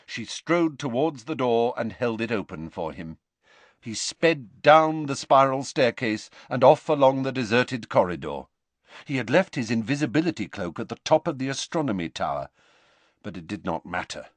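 Guy narrating an audiobook, lively expressive reading, dry close studio sound. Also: mid-range voice, dry recording. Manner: expressive, measured storytelling. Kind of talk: scripted narration.

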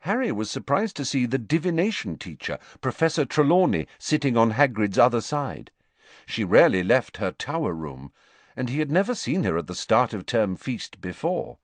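With no room sound, a medium-pitched male narrator reads a novel for an audiobook. His scripted delivery is measured and expressive, like a careful storyteller.

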